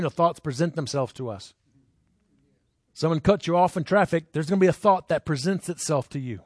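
Guy preaching, kinda chatty, keeps asking the crowd stuff, a bit high voiced. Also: no echo, studio quality. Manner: conversational, asks the crowd questions; jumps into high voices when acting out people. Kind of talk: sermon with personal stories.

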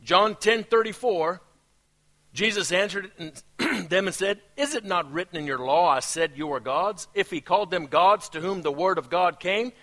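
A man with a non-native English accent preaching a sermon as a pastor, animated, laughing at his own asides. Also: high-pitched.

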